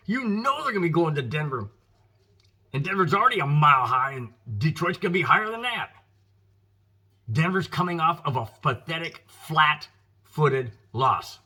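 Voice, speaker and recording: Male American host, fired-up football rant, husky bright voice, a touch high. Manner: emphatic, frustrated, addresses viewers as guys. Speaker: sports podcast host. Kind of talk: opinionated football commentary.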